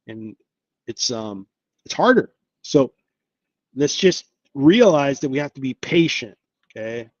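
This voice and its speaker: A man's voice: on the high side, big pitch swings, a little slow, long pauses, dry recording, lo-fi sound. A man hosting an investing live stream, talking casually and upbeat, thinking aloud with lots of fillers. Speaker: investing channel host.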